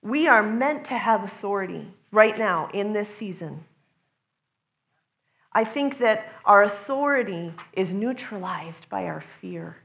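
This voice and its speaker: A woman's voice: mid-range voice, lively intonation, measured pace, vocal fry, fairly bright tone, highs cut off. A woman preaching a sermon in an earnest, conversational way, sometimes acting out the voices of the people she quotes.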